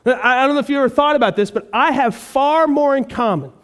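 A man's voice: very high-pitched, quick pace, a bit bright. A male pastor preaching a sermon, earnest and emphatic, repeating key phrases for weight.

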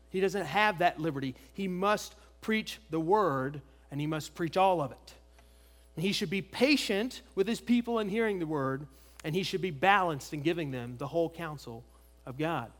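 A man's voice: sits high, fairly bright tone. A man preaching an expository sermon, emphatic, asking rhetorical questions and repeating key phrases. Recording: long reverb of a large hall.

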